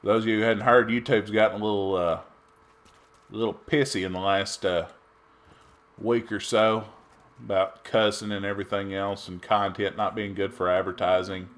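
A middle-aged man from Texas giving casual, rambling commentary over his gameplay, chatty with sudden loud outbursts. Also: on the low side, little pitch movement, normal speed. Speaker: gaming YouTuber.

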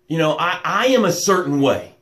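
A man hosting a live motivational stream, welcoming viewers by name and guiding slow breaths. He calls himself loud and boisterous. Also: a little high, lively intonation. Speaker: motivational coach and show host. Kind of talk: live-stream pep talk with guided breathing.

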